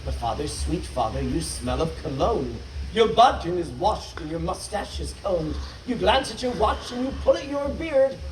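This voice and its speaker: A man's voice: high-pitched, expressive, moderate pace, hardly any pauses, echoey room, recorded from a distance, slight background noise, rough recording. A man voicing a worried child questioning his father in rhymed verse, recorded from afar outdoors. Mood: earnest.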